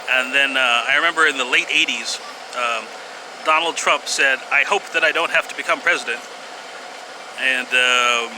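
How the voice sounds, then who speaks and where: A man with a somewhat high voice vlogs in a loose, meandering monologue, stopping often for fillers and sighs and letting out dry chuckles. He is recorded outside, and passing cars and urban noise are plainly heard behind him. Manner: rambling and hesitant, many fillers and sighs, wry laughs. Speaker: vlogger. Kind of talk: casual monologue to camera. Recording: outdoor street noise behind.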